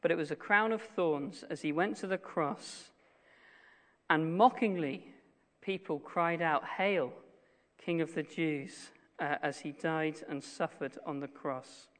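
A man preaching a sermon, earnest, slowing down and dropping his voice to stress key phrases. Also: a little high. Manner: earnest, slows and drops to a hush on key phrases. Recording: long reverb of a hall.

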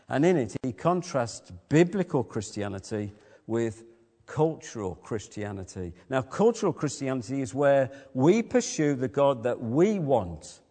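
A man delivers a sermon in a mid-pitched voice. He tells stories and keeps turning to his listeners with questions. The sound carries a long reverb, as in a large church hall. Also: darkish tone. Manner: storytelling, asks the listeners questions. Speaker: preacher.

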